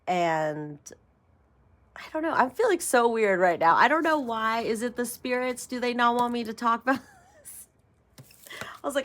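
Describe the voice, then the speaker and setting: A woman's voice: on the high side, expressive, moderate pace, long pauses, a bit bright. A woman hosting her own tarot channel, chatting casually in a rambling way, laughing often and poking fun at herself. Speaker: tarot reader and channel host. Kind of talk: casual spiritual vlog chat.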